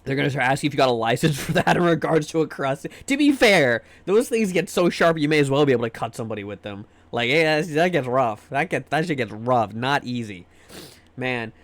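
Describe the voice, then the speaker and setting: In casual stream chat, a young livestream host from the United States rambles and swears, restarting sentences and repeating words. His medium-pitched voice swings widely in pitch, he talks briskly, and the recording is dry.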